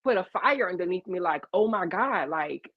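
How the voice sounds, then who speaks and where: A woman's voice: on the low side, moderate pace, dry recording. A woman with a Louisiana accent telling a story on a video call, acting out the dialogue. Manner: animated, acts out quoted dialogue. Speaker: interview guest. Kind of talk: casual storytelling. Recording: dull lo-fi video call audio.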